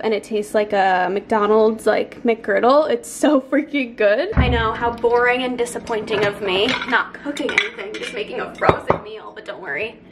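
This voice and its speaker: A young woman in her twenties chatting casually in a home vlog, bubbly and talkative, squealing with excitement and talking to her cats. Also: on the high side, creaky, a little hiss or hum. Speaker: vlogger. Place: home bedroom and kitchen.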